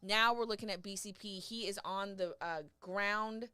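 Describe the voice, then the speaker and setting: A woman's voice: mid-range voice, steady tone, normal speed, sharp tone, clean tone. A woman hosting a live stream, talking in an effusive way and often repeating herself. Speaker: livestream host.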